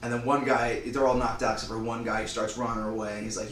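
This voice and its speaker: A man casually retelling an invented movie plot, rambling and slipping into quick voices for the characters. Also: medium pitch, flat delivery, fairly bright tone, echoey room, far from the mic, slight background noise, low-quality recording.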